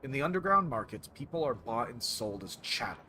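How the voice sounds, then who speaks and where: A man voicing a nervous female corporate executive with a put-on German accent, speaking in a measured, grave way. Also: mid-range voice, big pitch swings, pushed and bright, slight background noise. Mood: haunted. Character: nervous middle-aged woman corporate executive.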